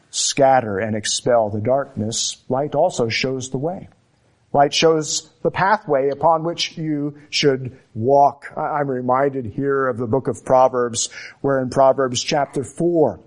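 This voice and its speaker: A man preaching a sermon in a measured, emphatic way, leaning on deliberate repetition. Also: mid-range voice. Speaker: pastor.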